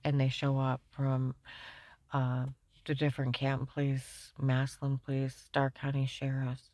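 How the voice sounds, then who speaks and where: A woman rambling through a personal grievance, swinging between hushed talk and loud outbursts and reciting legal terms. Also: very deep voice, completely flat delivery, measured pace, dry recording. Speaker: speaker recounting her own ordeal. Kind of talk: agitated personal monologue.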